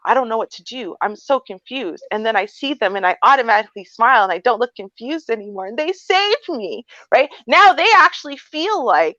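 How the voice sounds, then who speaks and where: A woman co-hosting a casual livestream chat, telling stories with animated flair and acting out voices. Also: fairly high pitch, fairly quick, hardly any pauses, dry recording, lo-fi sound. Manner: animated storytelling, acts out a sweet confused voice. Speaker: co-host.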